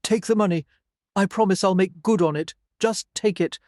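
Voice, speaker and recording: A woman's voice: medium pitch, normal speed, a little mellow, dry recording, studio quality, natural voice. A woman voicing a proud but frightened young noblewoman in an audiobook, speaking in a nervous, pleading way.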